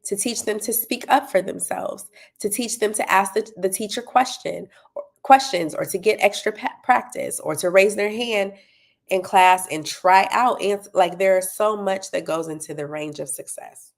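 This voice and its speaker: Leading a parenting talk, this parenting coach, who also owns a tutoring business, encourages her listeners, checks in with them, and plugs her tutoring company. Her voice is medium-pitched and gravelly, at a normal pace.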